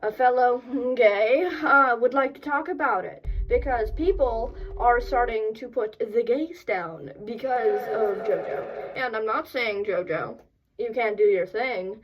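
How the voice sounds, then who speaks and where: A woman's voice: fairly high pitch, measured pace, dull audio, soft background music. Rambling sarcastic woman on a phone mic. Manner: rambling, self-deprecating, sarcastic. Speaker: host. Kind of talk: casual reaction commentary.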